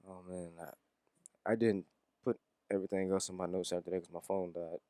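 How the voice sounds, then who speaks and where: A man's voice: low voice, steady tone, quick pace, mellow, dry recording, clean studio sound. A man giving a casual, rambling wrestling review, swearing and chuckling as he goes.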